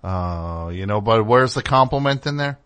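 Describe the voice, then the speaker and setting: A man's voice: lowish voice, lively intonation, moderate pace, a bit bright. A man hosting a comedic call-in radio show, ranting in a rambling, indignant way.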